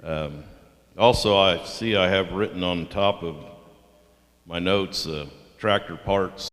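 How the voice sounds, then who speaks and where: Older guy, really low voice, slow heartfelt church talk with lots of ums, long echo off the hall. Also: a bit bright. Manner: halting and heartfelt, with many pauses and fillers. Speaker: lay speaker at communion. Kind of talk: sermon. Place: church sanctuary.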